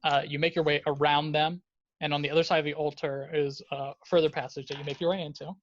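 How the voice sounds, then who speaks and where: A man's voice: a little high, little pitch movement, fast, dry recording. A man running a tabletop game as dungeon master, narrating loosely with many fillers. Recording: dull lo-fi dry sound.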